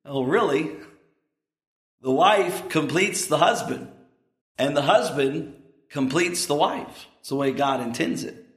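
A man's voice: fairly high pitch, expressive, slow, pauses often. Man preaching in an echoey room. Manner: earnest, emphatic preaching with asides. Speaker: pastor. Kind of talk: sermon.

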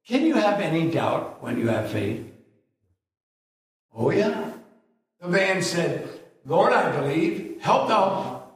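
An older man preaching a sermon as a visiting preacher, telling folksy stories and acting out both sides of a dialogue. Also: medium pitch. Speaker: guest preacher. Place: church. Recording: echoey church hall, mic at a distance.

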